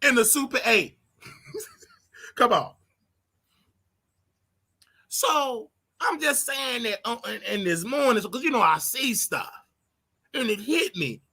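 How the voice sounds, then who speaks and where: A flamboyant man rants casually on a livestream. His voice is bright and gravelly, with some husky breath in it. His pitch swings widely and he breaks into sing-song yelps. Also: lively intonation, normal speed. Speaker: online preacher commentator.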